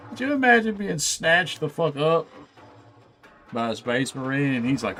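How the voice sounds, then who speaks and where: Slow, laid-back profane man. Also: a little high, sing-song, bright, forceful tone, faint music behind. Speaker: channel host. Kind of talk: casual chat while assembling miniatures.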